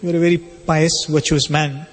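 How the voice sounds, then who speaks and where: A man voicing a calm, virtuous housewife who speaks gently and with composure. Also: a little high, normal speed, natural voice. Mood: instructive. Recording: long hall reverb.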